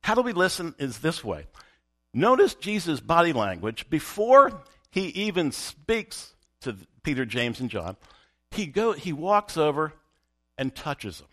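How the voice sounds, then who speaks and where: A man's voice: on the high side, big pitch swings, takes it slowly, a bit bright. A man preaching a sermon as pastor, emphatic and repeating his key phrases for weight.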